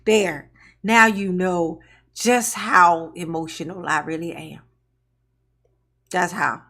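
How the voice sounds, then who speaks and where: A woman's voice: on the low side, steady tone, takes it slowly, sharp tone. A woman giving casual live-stream reaction commentary, sarcastic and mocking, often laughing.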